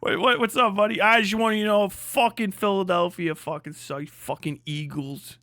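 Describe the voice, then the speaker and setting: A man's voice: high-pitched, fairly even intonation, normal speed, sharp tone, no echo, studio quality. A young man hosting a livestream, ranting crudely and sarcastically, laughing often and answering chat. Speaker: livestream host. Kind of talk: profane ranting stream chat.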